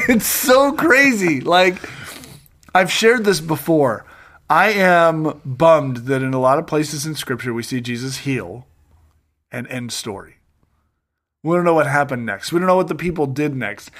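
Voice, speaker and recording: A man teaching scripture in a relaxed, storytelling way, getting worked up with enthusiasm. His voice sits a bit higher than most men's, and he drops in quick jokes and asides. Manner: animated, enthusiastic, jokey asides. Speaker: bible teacher. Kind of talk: casual bible teaching, storytelling.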